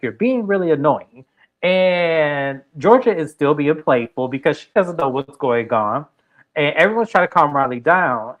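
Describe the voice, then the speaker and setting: Male recap host, chatty, acts out quotes with big pitch jumps. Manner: animated storytelling, acting out quotes. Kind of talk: casual recap commentary.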